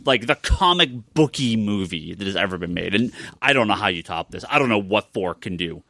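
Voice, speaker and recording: A man's voice: fairly low pitch, a little fast, creaky, no echo. A man co-hosting a podcast in casual chat, talking with lots of restarts and repeated words. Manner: animated, stammering restarts. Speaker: podcast co-host.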